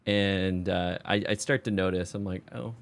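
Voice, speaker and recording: A man's voice: deep voice, steady tone, moderate pace, vocal fry. A man streamer doing voice-over commentary on his card game play, self-mocking and exasperated, swearing freely.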